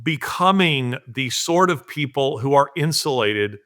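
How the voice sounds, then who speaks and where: In a relaxed podcast conversation, this middle-aged man appears as a guest commentator, sharing stories with earnest emphasis. His mid-range voice is expressive and a bit bright, moving at a measured pace, and he performs quotations as he tells them.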